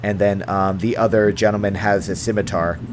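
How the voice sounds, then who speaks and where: A man narrating a tabletop game as game master, with halting speech and plenty of fillers. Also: lowish voice, steady tone, noisy background. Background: music.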